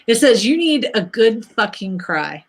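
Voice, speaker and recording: In a fairly high, sing-song voice and at a slightly slow pace, a woman chats on a casual spiritual livestream while reading cards for her viewers. She's blunt, swears freely and laughs easily.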